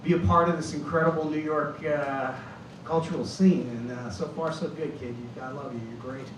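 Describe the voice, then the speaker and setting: A man in his fifties performs a stand-up story, acting out the voices of the people in it. His voice sits a little high, and it reaches the mic from across an echoey club, with constant ambience underneath. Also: steady tone, moderate pace, distant mic, a little hiss or hum. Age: 50s. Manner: storytelling, acts out quoted voices. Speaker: stand-up comedian. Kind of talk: stand-up set. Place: comedy club stage.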